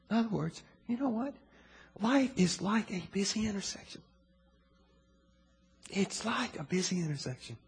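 A man's voice: high-pitched, expressive, normal speed, creaky, pauses often, slightly rough. An older man preaching a sermon in a conversational way, often restarting his sentences and adding asides, in a large church. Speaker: pastor. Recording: long hall reverb.

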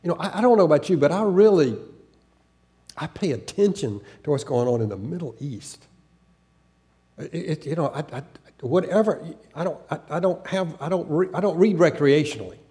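A male pastor, raised in the American South and with a faded Southern accent, preaching a sermon in an earnest, halting way full of restarts and repeated words. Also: fairly high pitch, lively intonation, dark tone. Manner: earnest, with occasional laughter.

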